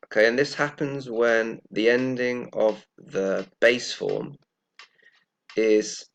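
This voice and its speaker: Slow, gravelly-voiced man teaching pronunciation. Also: on the low side. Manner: slow and deliberate, repeating words carefully. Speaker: English teacher. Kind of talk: slow, careful pronunciation lesson.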